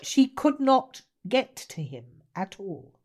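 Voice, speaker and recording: Slow, theatrical woman storyteller. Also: a little high, sing-song, darkish tone. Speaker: guest, writer and actor. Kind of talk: animated conversation.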